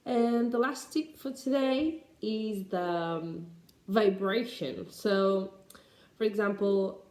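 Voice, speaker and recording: A woman with a Spanish accent, a native Spanish speaker, explaining pronunciation tips as an English teacher in an unhurried way, with many fillers and restarts. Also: mid-range voice, a little mellow, echoey room.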